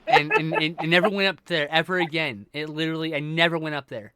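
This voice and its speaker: Bright, clear-voiced man chatting casually. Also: fairly high pitch, fast talker, no room sound, studio quality. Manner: chatty, laughs often, swears casually. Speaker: streamer co-host. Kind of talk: casual chat while making art.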